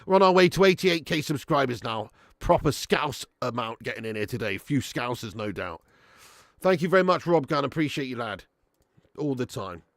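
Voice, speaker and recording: A man hosting a football watch-along stream, reading out chat comments in a blunt, sweary manner and breaking into loud rants. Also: medium pitch, big pitch swings, moderate pace, creaky, dry recording, studio quality. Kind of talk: casual live-stream chat.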